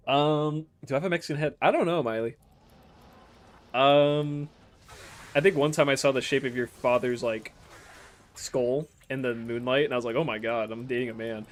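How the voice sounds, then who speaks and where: A young man from the States chats loosely while streaming, reading messages aloud and riffing on them. His voice sits at an ordinary middle pitch, and he laughs often and swears without a second thought. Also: a little slow, pauses often. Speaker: game streamer. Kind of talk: casual chat while reading viewer messages.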